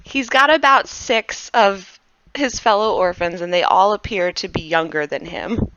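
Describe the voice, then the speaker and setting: A woman narrating as game master of a tabletop game, animated and chatty. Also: mid-range voice, lo-fi sound, a little hiss or hum. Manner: animated, chatty, quick to laugh.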